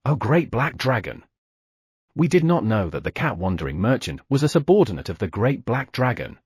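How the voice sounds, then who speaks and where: A man's voice: medium pitch, big pitch swings, normal speed, a little mellow, slightly rough, dry recording. A man voicing a groveling male wolf tribe chief in an audiobook, speaking in a formal, pleading way.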